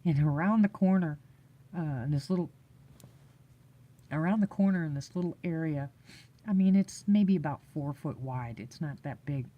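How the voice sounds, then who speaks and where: A woman's voice: low-pitched, normal speed, long pauses, highs cut off. A woman telling a rambling story in casual chat, full of fillers and restarts and often laughing. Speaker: live chat host.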